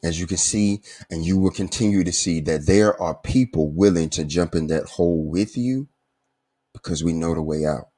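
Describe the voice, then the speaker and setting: Very deep husky-voiced man. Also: moderate pace, mellow. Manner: earnest, heartfelt, many restarts. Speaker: podcast host. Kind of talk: recovery podcast talk.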